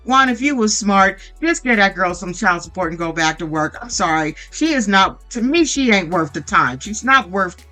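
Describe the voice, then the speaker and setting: A woman recaps a reality show in a casual, blunt and heavily profane way. Her voice is bright and forceful at a middle pitch. Faint music plays under her. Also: lively intonation, normal speed.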